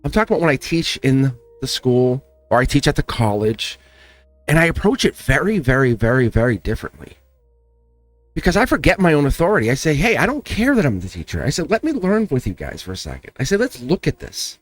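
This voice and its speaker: A man hosting a spiritual tarot talk, speaking in an animated way with lots of repetition and frequent laughs. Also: medium pitch, a little fast, no echo, soft background music. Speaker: tarot reader and channel host.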